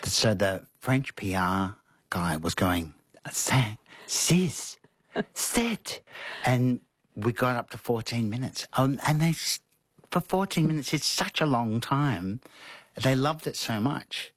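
Husky man telling stories. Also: mid-range voice, a little slow, no echo, clean studio sound. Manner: animated, acts out quotes with laughs. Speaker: interview guest, costume designer. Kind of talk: conversational storytelling.

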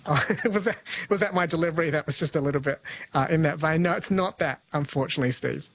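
A man's voice: on the high side, dry recording. A man hosting a late-night radio quiz, chatting with callers. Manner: chatty, friendly, spells words out slowly. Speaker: radio host. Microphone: studio mic.

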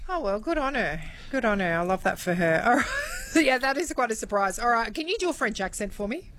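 A woman's voice: fairly high pitch, big pitch swings, fairly quick, a bit bright. A woman co-hosting a casual chat, telling stories and laughing easily. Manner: chatty, storytelling, laughs easily. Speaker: radio co-host.

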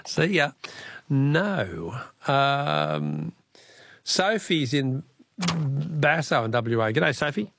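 A man with an Australian accent hosting a talkback radio quiz, chatty and quick to laugh with callers. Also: fairly high pitch, very animated, vocal fry, fairly bright tone, slight background noise. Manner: chatty, laughs often, friendly banter with callers.

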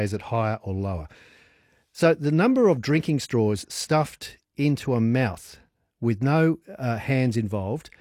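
A man's voice: mid-range voice, a little mellow, dry recording, studio quality. A man hosting a radio quiz, chatty and upbeat, often laughing.

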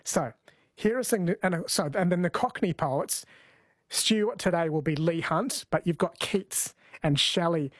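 A man's voice: on the high side, unhurried, no room sound. A man hosting a music segment, explaining history in an enthusiastic way. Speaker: host. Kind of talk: presenting a music show segment.

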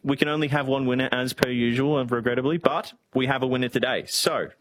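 A man's voice: mid-range voice, fairly even intonation, quick pace, fairly bright tone, rough recording. A man co-hosting overnight radio, chatting casually in a jokey, self-deprecating way. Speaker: radio co-host.

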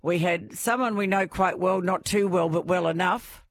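A woman hosting a radio quiz, bubbly and quick to laugh. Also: on the low side, no echo, clean studio sound. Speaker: radio host.

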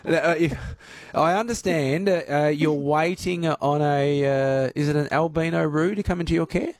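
A man's voice: a little high, normal speed, darkish tone, dry recording. A man hosting a radio show, joking easily with his guest and reading out listener texts. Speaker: radio host. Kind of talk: radio interview.

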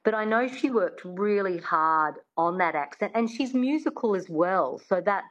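A woman's voice: mid-range voice, animated, normal speed, muffled recording. A woman working as a coach, chatting in an interview with lots of "I mean" restarts. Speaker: accent coach. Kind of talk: casual interview chat.

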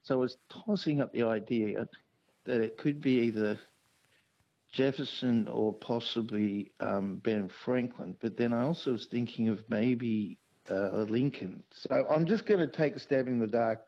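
A rambling man calls in to a radio quiz and thinks aloud on his way to an answer. His voice is a little husky. The call comes through a dull, muffled line. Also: mid-range voice, a little slow. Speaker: caller.

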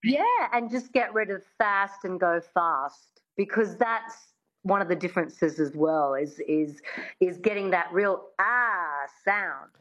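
A woman's voice: on the low side, highs cut off. Articulate woman dialect coach. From Australia. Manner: articulate, demonstrates sounds slowly and precisely. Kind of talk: conversational interview, teaching.

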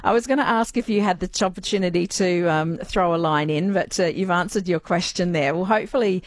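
A friendly woman hosting a radio interview, brisk and quick to laugh. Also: on the low side, no room sound. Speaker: radio host.

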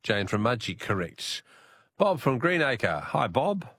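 A man hosts a call-in radio quiz in a friendly, bantering way, laughing often between questions. His voice sits at a middle pitch and is recorded dry and close in a studio. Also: big pitch swings, unhurried, fairly bright tone, dry recording.

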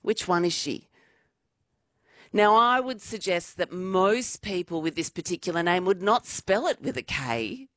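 A woman's voice: fairly low pitch, expressive, measured pace, fairly bright tone, no echo, studio quality. An Australian woman hosting a live radio quiz, chatty and playful, laughing often. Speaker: radio host. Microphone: studio microphone.

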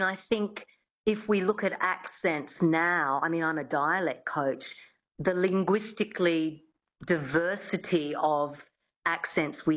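A woman's voice: lowish voice, fairly bright tone, rough recording. A woman working as a dialect coach, explaining as a radio interview guest, often hesitant with fillers and restarts.

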